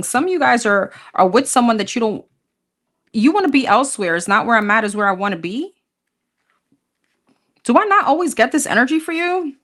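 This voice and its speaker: A woman's voice: medium pitch, a bit bright. A woman giving a casual tarot reading, chatty and thinking aloud as she lists cards, with hesitant fillers. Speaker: tarot reader.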